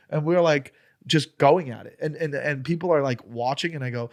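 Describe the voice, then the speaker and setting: A man who is a comedian, telling a story as a podcast guest in an animated, profane way and acting out an argument. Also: fairly high pitch, fairly quick.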